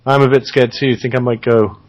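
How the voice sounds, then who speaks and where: A man's voice: mid-range voice, little pitch movement, brisk, a little mellow. A man jokes in a dry way over an internet call. His voice comes through muffled and lo-fi. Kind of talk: comic call over Skype.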